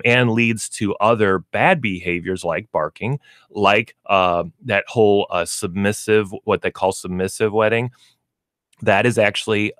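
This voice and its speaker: A man's voice: on the low side, a bit bright, no echo, clean studio sound. A man hosting a radio show about pets, talking casually and acting out what dogs and owners might say. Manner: folksy, explains with acted dog and owner voices. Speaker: pet store radio show host. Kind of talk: casual radio talk on pet training.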